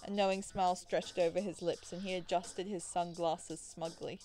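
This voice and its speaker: A woman's voice: lowish voice, level tone, normal speed, hardly any pauses, darkish tone, faint music behind. A woman playing through a visual novel, reading the story aloud and breaking off into chatty, rambling asides with giggles. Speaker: let's play gamer.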